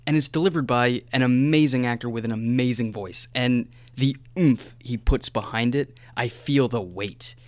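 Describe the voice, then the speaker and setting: A man chatting casually about a film, emphatic and excitable, swearing now and then. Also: medium pitch, moderate pace, hardly any pauses, no echo. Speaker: podcast co-host discussing a film. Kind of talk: casual chat.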